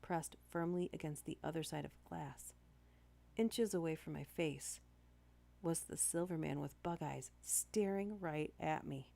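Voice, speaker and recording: A woman's voice: deep voice, a little slow, vocal fry, warm tone. A young Canadian woman with a slightly nasal voice, reading scary stories aloud on a stream with chatty asides and small stumbles. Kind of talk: casual story reading on a live stream.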